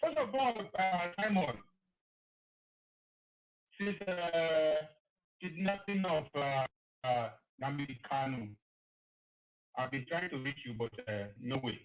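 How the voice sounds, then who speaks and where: A man's voice: on the high side, slow, pauses often. Male caller, gushing and emotional, heard through a narrow phone line. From Nigeria. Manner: effusive, emotional praise. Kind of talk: phone-in call. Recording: tinny phone line with faint hiss.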